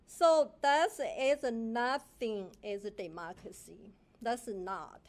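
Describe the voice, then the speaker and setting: A middle-aged woman from China with a Chinese accent, giving an indignant public comment at a city council meeting in halting, broken English. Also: on the high side, lively intonation. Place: council chamber.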